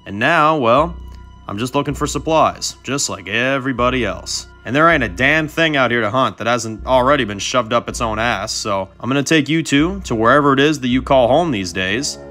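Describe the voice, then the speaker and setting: A man's voice: mid-range voice, expressive, moderate pace, pushed and bright, faint music behind. Man doing Audrin, a taunting mercenary. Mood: menacing. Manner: drawling, mocking, calls people darling. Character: swaggering male mercenary with a chainsaw.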